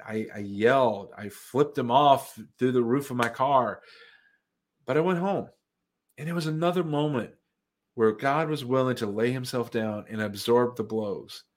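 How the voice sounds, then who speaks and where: A man's voice: mid-range voice, fairly bright tone. Earnest man sharing a faith testimony. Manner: earnest, reflective, with frequent fillers and restarts. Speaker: Christian comedian sharing testimony. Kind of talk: personal testimony.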